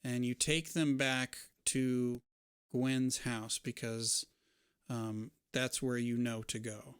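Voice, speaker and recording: A man narrating as game master of a tabletop game, describing scenes in a relaxed way with casual fillers. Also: medium pitch, slow, smooth, dry recording, clean studio sound.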